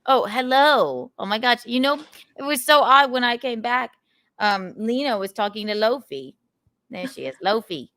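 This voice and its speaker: A woman's voice: fairly high pitch, animated, moderate pace, pushed and bright, dry recording. A woman hosting a casual podcast, playful and gushing, who keeps making puns. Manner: playful, punning, gushing about guests. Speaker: podcast host.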